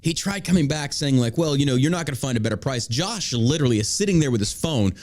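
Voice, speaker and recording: A man's voice: mid-range voice, animated, fast talker, darkish tone. A man hosting a casual talk show, ranting with energy and mocking people in put-on voices. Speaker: podcast host. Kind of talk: casual profane chat.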